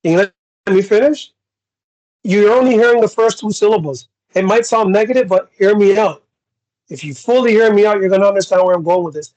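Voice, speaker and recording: A man's voice: high-pitched, quick pace, rough recording. A man with a Canadian accent co-hosting a podcast, talking bluntly and acting out exchanges in casual chat. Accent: Canadian English. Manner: blunt, animated, acts out quoted exchanges. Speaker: podcast co-host.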